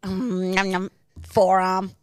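Woman doing a low gobbling gremlin. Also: little pitch movement, slow, slight background noise, natural voice. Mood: gleeful. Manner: gnawing, smacking, sing-song. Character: hungry gleeful gremlin eating human flesh.

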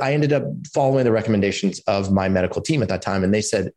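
A man in his forties from California, telling his personal story as a podcast guest in an animated way, acting out quotes and using lots of fillers. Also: lowish voice, fast talker, few pauses. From California, USA. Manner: animated storyteller who acts out quotes, many "like" and "you know" fillers.

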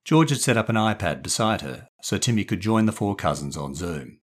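A man's voice: deep voice, normal speed, hardly any pauses. A man, the author, reading a short story aloud and talking about writing it. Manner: lively, expressive. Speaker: author and narrator.

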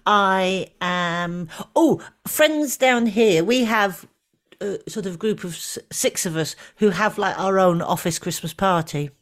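A middle-aged woman co-hosting a podcast in casual chat, talking easily with fillers and gentle teasing. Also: medium pitch, takes it slowly. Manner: chatty, warm teasing, trailing fillers. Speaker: podcast co-host.

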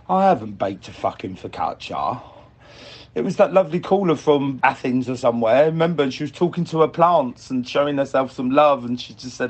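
A man's voice: mid-range voice, a little fast, slightly rough, lo-fi sound. A man leaving a rambling, jokey voice message to a podcast, swearing freely. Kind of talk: casual voice message.

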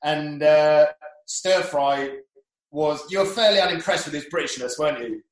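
A man's voice: fairly high pitch, moderate pace, roomy sound, low-quality recording. A man, a professional sailor, telling rambling anecdotes in casual chat, with frequent restarts.

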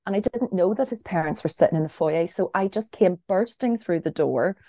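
A woman's voice: on the low side, a little fast, dry recording, studio quality. A young woman co-hosting a casual chat, telling a funny story and laughing through it. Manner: lively storyteller, laughing through her own tale. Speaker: podcast co-host.

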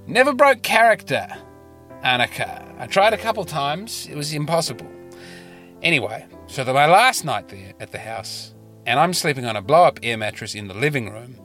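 A man's voice: mid-range voice, moderate pace, soft background music. Wry Australian man telling stories in a car. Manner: rambling, wry, animated asides. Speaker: comedian podcast host. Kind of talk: casual comic storytelling. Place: parked car. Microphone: podcast mic in a car.

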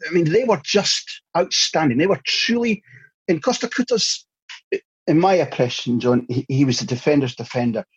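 Male host, husky, slightly higher voice, chatty and opinionated questions, lo-fi sound. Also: darkish tone, dry recording. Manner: rambling, enthusiastic questions with opinions. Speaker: interview host. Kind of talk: long-form interview questions.

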